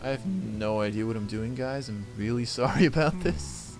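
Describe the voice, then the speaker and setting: A man's voice: mid-range voice, expressive, moderate pace. A man giving casual commentary while playing a card game, thinking aloud about his moves and grumbling and swearing when things go wrong. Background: game music.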